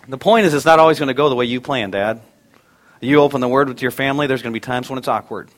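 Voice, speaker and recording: A man in his thirties, a pastor preaching a sermon, earnest, telling family stories with humor and building to loud emphatic peaks. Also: mid-range voice, expressive, quick pace.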